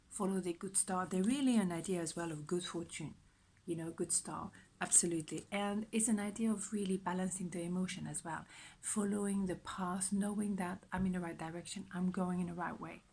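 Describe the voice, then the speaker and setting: A woman with a lowish voice gives a general pick-a-card tarot reading, chatting in a repetitive, self-reassuring way. She's soft-spoken and keeps slipping into a whisper. The recording is rough, with slight background noise.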